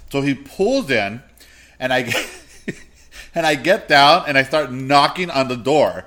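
A man's voice: medium pitch, lively intonation, unhurried, long pauses, pushed and bright. A man co-hosting a podcast, telling crude stories about himself in blunt, casual chat. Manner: blunt, crude, self-mocking. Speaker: podcast co-host.

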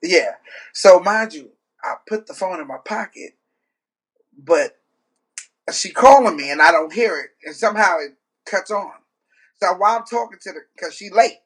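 Husky high-voiced man telling stories. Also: moderate pace, pauses often. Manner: animated storyteller, laughs often, mimics voices. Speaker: gospel singer. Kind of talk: casual storytelling chat.

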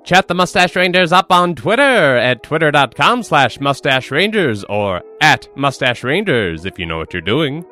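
A man playing a folksy old-time pitchman announcer, reading show plugs in huckster patter. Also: sharp tone, full character voice.

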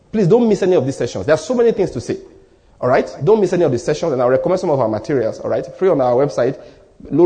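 A man's voice: fairly high pitch, warm tone. A man with a Nigerian accent preaching a sermon as pastor, emphatic and repeating his key lines, sometimes dropping almost to a whisper.

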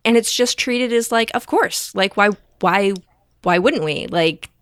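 A woman's voice: mid-range voice, lively intonation, unhurried, a bit bright, no echo. A woman co-hosting a casual chat, gushing with enthusiasm and leaning on lots of fillers. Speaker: podcast co-host.

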